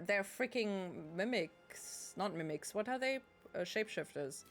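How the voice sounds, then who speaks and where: Sarcastic woman streamer with a lively voice. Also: mid-range voice, a little slow, soft background music. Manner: sarcastic, swearing, laughing often. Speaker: game streamer. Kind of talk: casual gaming commentary.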